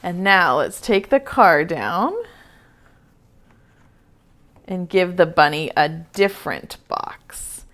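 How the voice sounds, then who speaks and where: A preschool teacher reads a picture book aloud over a video call, gentle and playful, asking the children questions. Her voice is lowish, animated, and slow.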